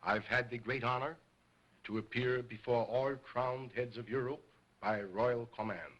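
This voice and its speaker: An actor playing a pompous, egocentric stage ventriloquist in early sound film acting, formal and scolding. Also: male voice, medium pitch, fairly even intonation, measured pace, fairly bright tone, muffled recording, a little hiss or hum, lightly acted. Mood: grandiose. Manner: grandiose, stiffly formal, scolding.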